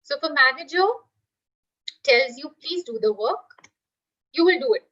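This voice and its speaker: A woman's voice: sits high, animated, normal speed, a bit bright, highs cut off. A woman teacher giving a live online class, explaining with everyday examples and asking the class questions.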